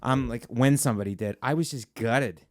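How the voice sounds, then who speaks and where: A man's voice: medium pitch, no echo, studio quality. A man hosting a comedy podcast, chatting casually and joking with his guests. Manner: joking, quick banter. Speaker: podcast host.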